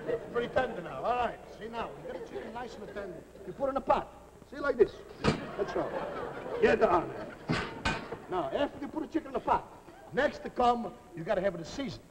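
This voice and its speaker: An actor playing a boisterous middle-aged Italian cook in a live TV comedy sketch, with a mock Italian accent and broken English mixed with Italian-sounding double-talk. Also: male voice, high-pitched, big pitch swings, a little fast, over a noisy crowd. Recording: scratchy hissy 1949 television recording.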